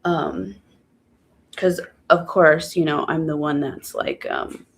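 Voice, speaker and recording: A woman telling her own story in a casual vlog, halting and upset, with many fillers and blunt swearing. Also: low-pitched, animated. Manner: many fillers and trailing pauses.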